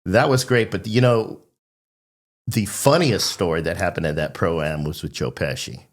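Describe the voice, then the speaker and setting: A man's voice: low voice, normal speed. A man hosting a podcast, telling stories in a casual chat in an easygoing way and often laughing along. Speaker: podcast host.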